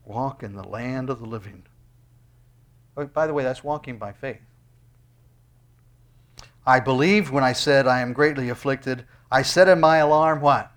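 Taking his time with long pauses, a man preaches as pastor, reading from scripture before ending in prayer. His delivery shifts between loud, high-pitched outbursts and quiet, low asides.

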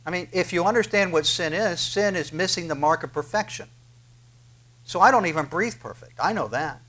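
A man's voice: fairly high pitch, lively intonation, quick pace, pushed and bright. A man preaching a sermon, earnest and questioning, with frequent filler sounds as he reads and explains scripture. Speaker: pastor.

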